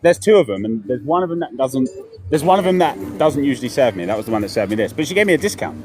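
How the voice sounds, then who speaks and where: Man, streaming while he walks city streets. Lively, rambling storyteller, faint traffic under him. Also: medium pitch, quick pace. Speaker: vlogger. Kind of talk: casual walking live stream. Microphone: handheld camera while walking.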